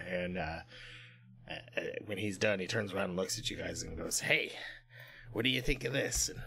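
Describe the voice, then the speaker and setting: A man with a lowish voice and a bright, forward tone tells his part of a tabletop game in a rambling, storytelling way. He laughs often between lines. The talk is casual and relaxed. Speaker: player. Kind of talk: casual tabletop role-play.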